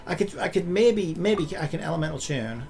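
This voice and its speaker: Gravelly, swearing gaming streamer guy. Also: fairly high pitch, expressive, brisk, a little mellow. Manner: frustrated, swears a lot, rants at the game. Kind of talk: live gameplay commentary.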